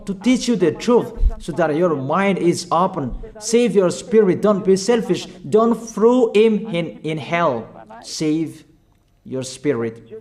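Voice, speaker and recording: A man preaching a sermon in halting, non-fluent English, urging his listeners with short, repeated calls. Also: a little high, a little mellow. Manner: emphatic, repetitive exhortation in non-fluent English.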